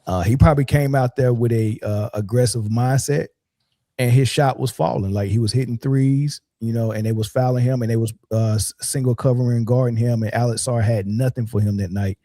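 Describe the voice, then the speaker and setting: A man with a warm, mellow voice talks in a loose, filler-heavy way. The sound is dry and close, with no room echo. He speaks as a podcast co-host in casual chat. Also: mid-range voice, fairly even intonation, fairly quick.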